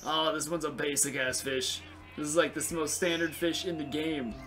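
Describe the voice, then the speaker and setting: A young man giving casual, excitable gameplay commentary, swearing and chatting to the game's creatures. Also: a little high, normal speed, faint music behind. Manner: excitable, profane, talks to game creatures. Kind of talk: casual let's play commentary.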